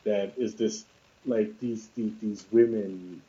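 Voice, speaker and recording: A man talks through a film in loose, rambling casual chat, tripping over fillers and restarts. His voice is deep and very dark, with a relaxed, mellow tone. The recording is dull and lo-fi. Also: slow. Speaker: podcast co-host discussing films. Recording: dull lo-fi sound.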